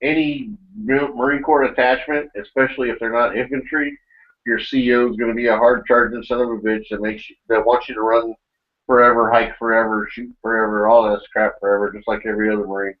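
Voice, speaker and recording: A man's voice: medium pitch, little pitch movement, a little fast. Matter-of-fact Marine veteran man. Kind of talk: casual chat. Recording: dull lo-fi recording.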